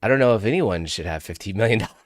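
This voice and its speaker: A man doing a quick, offhand impression of a tech billionaire, stammering and trailing off. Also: on the low side, animated, no room sound, faint music behind, natural voice. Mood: hesitant.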